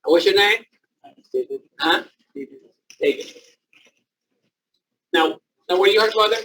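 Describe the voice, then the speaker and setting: A man with a high, bouncy voice leads a live training class, pushing a volunteer with short repeated commands. He takes his time with each phrase in loose, informal wording. He sounds set back from the microphone in the room. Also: slow, pushed and bright, far from the mic, rough recording. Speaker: naturopath leading a training class. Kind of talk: live hands-on demonstration to a class.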